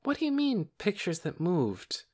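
A man voicing an earnest, determined young girl in an audiobook, blunt and quick to protest. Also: high voice, huge pitch swings, a little mellow, voice pushed up, exaggerated voice. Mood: curious. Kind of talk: audiobook character reading.

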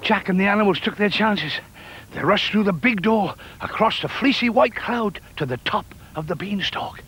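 An older man telling a children's story in an animated, playful way, with sound effects. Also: sits high, moderate pace, slight background noise, rough recording.

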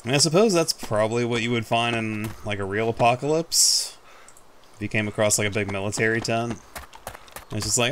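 A man's voice: medium pitch, brisk, fairly bright tone, slight background noise. A man giving casual, rambling commentary over his own gameplay, self-mocking and casually swearing. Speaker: gaming YouTuber.

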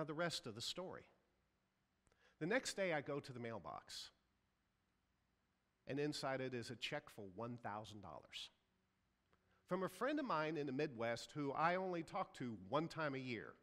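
Lively male pastor preaching in a reverberant sanctuary. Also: mid-range voice, measured pace, long pauses. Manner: storytelling, acts out quoted voices. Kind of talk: sermon. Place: church sanctuary.

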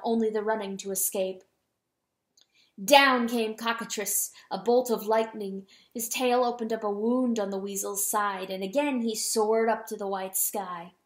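Woman reading a story out loud, dramatic, kinda high voice, echoey room. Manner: dramatic, slowing on solemn words. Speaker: audiobook reader. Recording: roomy echo.

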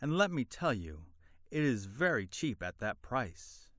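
A man's voice: mid-range voice, big pitch swings, measured pace, no echo. Greedy, hot-tempered bazaar merchant, put on by a male narrator; raised, scornful, dry storybook read. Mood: smooth, salesman. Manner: shouting insults, scornful.

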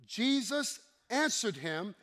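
A man's voice: very high-pitched, big pitch swings, slow, sharp tone. A man preaching a sermon with emphatic, repetitive declarations, leading his congregation in call-and-response and slipping in playful asides.

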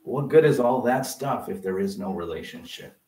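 A male pastor preaching a sermon, often pausing to let the congregation fill in a word. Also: on the low side, animated, dark tone. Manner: interactive preaching, prompting the congregation to fill in words. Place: church. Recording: roomy sound from a distant mic.

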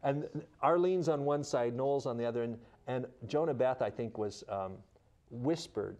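A man's voice: mid-range voice, moderate pace. A middle-aged man telling stories in an interview as a children's missionary, acting out the people he quotes. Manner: animated storyteller acting out quotes. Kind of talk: storytelling in an interview.

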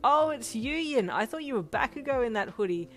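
A woman voicing a cheerful, warm middle-aged mother who talks brightly and loudly in a fanfic audiobook. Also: on the high side, animated, fairly quick, pitched above the performer's own voice. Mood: surprised. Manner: bright, loud and happy. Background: music.

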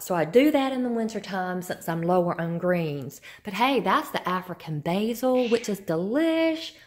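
A woman giving a casual, chatty phone-video tour of her home and yard, exclaiming over her plants. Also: medium pitch. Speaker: vlogger, home gardener. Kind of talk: casual walk-through vlog. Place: home and yard, indoors and outdoors.

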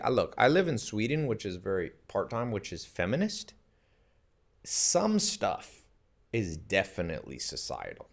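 Male podcast guest, lowish voice, punchy anecdotal delivery with frequent chuckles. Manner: emphatic, anecdotal, laughs often mid-sentence. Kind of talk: casual chat.

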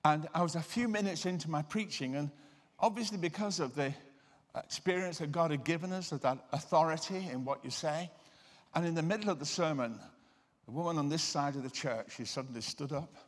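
A man giving a sermon-style lecture. He tells personal stories and slows down to stress key words. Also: a little high. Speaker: guest lecturer and deliverance minister. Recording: reverberant lecture hall.

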